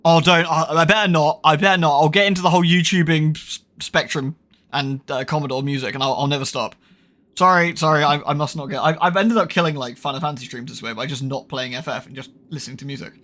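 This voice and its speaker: A man's voice: mid-range voice, fast talker, fairly bright tone. A British man streaming a horror game, chatting casually with viewers in a rambling, sweary way, correcting himself and laughing often. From United Kingdom. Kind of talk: casual livestream chat.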